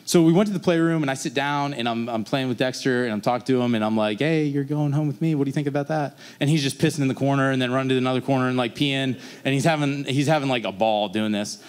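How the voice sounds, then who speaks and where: Animated young man telling a stage story. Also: mid-range voice, fast talker, few pauses, clear, resonant tone. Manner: rambling, animated, plays out his own past dialogue in a raised voice. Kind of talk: live personal storytelling. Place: stage at a live story slam event.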